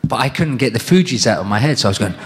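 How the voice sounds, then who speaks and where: A man's voice: medium pitch, lively intonation, racing. A British man in his thirties answering fan questions on stage at a convention, telling long rambling stories and acting out the lines of other people. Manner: rambling anecdotes with acted-out quotes. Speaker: guest at a convention panel. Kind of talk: fan Q&A storytelling. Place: large convention hall with audience. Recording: long reverb of a convention hall.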